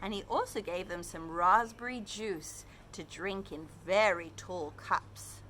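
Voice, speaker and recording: A woman's voice: lowish voice, slow, a little hiss or hum. A woman reading a picture book aloud to children, then teaching them new words with lots of questions. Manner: animated, asks children questions. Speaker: children's storyteller and Hebrew teacher.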